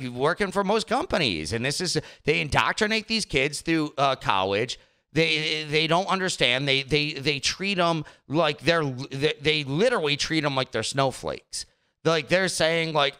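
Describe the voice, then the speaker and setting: Animated bright-voiced man ranting. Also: fairly high pitch, moderate pace, clean tone. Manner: animated ranting, exasperated, repeats words when worked up. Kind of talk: casual political commentary chat.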